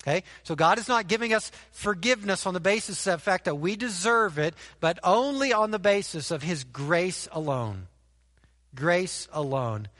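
A man's voice: high-pitched, lively intonation, normal speed, few pauses, a bit bright, long reverb tail. A man preaching a sermon, emphatic, repeating key phrases and asking rhetorical questions to the congregation. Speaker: pastor.

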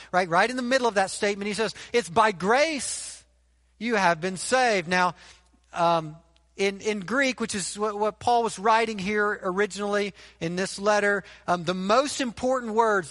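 A man's voice: high voice, a bit bright, big-room sound. A man preaching a sermon, emphatic, repeating key phrases and asking rhetorical questions to the congregation. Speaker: pastor.

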